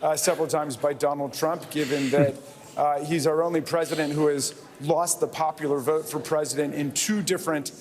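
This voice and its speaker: An older man answering in a television interview, with dry wry humor and halting speech full of fillers. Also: fairly high pitch, steady tone, darkish tone, in a large hall. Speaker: congressman interviewee.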